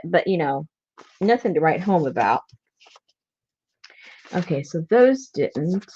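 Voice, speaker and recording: A woman hosting a casual craft livestream, tired and soft-spoken, laughing often as she chats. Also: on the low side. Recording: dull lo-fi sound.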